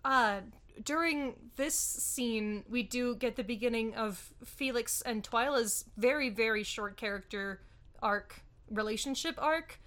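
Giggly high-voiced woman co-host. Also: measured pace, a bit bright. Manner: giggly, gushing, laughs often. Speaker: podcast co-host. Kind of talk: casual film recap chat.

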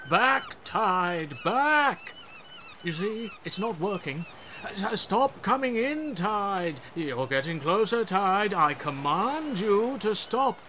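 A pompous medieval king bellows commands at the incoming tide, his voice pitched high and full of bluster. His orders grow more desperate with each line, as a man acts him out. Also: pushed and bright, a little hiss or hum, full character voice.

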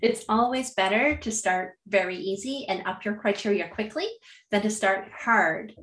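A woman co-hosting a casual chat, laying out her training plans in a measured, orderly way. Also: mid-range voice, fairly bright tone. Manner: measured, lays out plans in order, laughs easily. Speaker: dog trainer, co-host. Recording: roomy echo.

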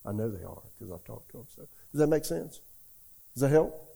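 This middle-aged pastor answers questions during a conversational sermon, speaking briskly in a mid-range voice with vocal fry and a breathy edge. Folksy and animated, he tells stories and keeps tossing rhetorical questions at his audience.

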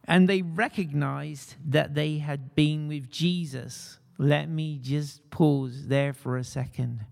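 Slow, gravelly male preacher in a reverberant hall. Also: on the high side, steady tone, a little mellow. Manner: conversational preaching with rhetorical questions to the congregation. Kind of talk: sermon.

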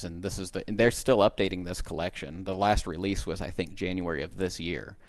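A man's voice: low-pitched, steady tone, brisk, hardly any pauses, no echo. A man hosting a podcast, casually explaining old computer music tech step by step with enthusiasm. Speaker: podcast host. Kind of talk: casual podcast chat and demo.

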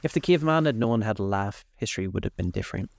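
A man's voice: lowish voice, animated, fast, vocal fry. A man voicing a witty, languid young aristocrat who talks in drawling epigrams.

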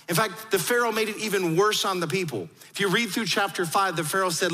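A man preaching a sermon, retelling a story with lively acted-out quotes. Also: sits high, a little fast, hardly any pauses, in a large hall. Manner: animated storytelling, acts out quoted voices. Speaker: pastor.

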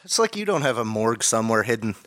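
A man's voice: on the low side, big pitch swings, fast, fairly bright tone. A man co-hosting a podcast in casual chat, joking and playful, often laughing as he talks. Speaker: podcast co-host.

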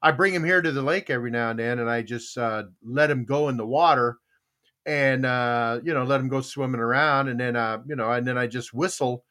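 A man's voice: mid-range voice, a little fast, bright, forceful tone, close to an everyday voice. A man voicing a sly male fisherman who plays innocent in a told joke. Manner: folksy, feigning innocence.

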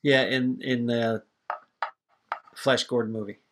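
A man's voice: mid-range voice, steady tone, takes it slowly, noisy background. A man co-hosting a podcast, chatting casually and opinionated about a movie, rambling and swearing freely. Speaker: podcast co-host. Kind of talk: casual movie review chat.

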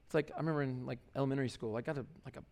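A man's voice: mid-range voice, fairly even intonation, racing, creaky, warm tone. A man preaching a sermon in a loose, conversational way, full of fillers and restarts. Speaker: pastor.

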